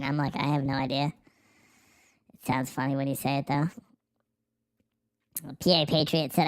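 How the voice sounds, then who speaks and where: A man hosting a livestream through a pitch-shifting voice changer, chatting casually while reading viewer comments, sarcastic and profane with frequent laughs. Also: fairly even intonation, moderate pace. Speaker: livestream host. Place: office.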